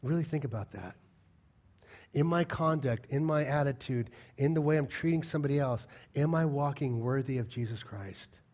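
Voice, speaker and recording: Speaking at a normal speed in a medium pitch, a man preaches a sermon as a pastor. He peppers it with rhetorical questions, alternating between booming emphasis and hushed asides.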